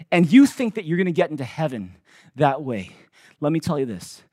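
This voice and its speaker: A male pastor preaching a sermon with emphatic swings from loud to hushed, acting out the voices he quotes. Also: on the high side, big pitch swings, a little fast, dry recording, studio quality.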